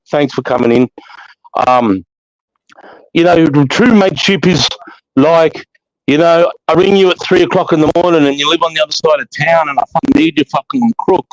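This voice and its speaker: Hosting a live chat show, an Australian man talks bluntly, swears heavily and preaches with emphasis in a casual spoken monologue. His voice is a little high with fairly even intonation, at a moderate pace. The recording is dull, lo-fi and dry.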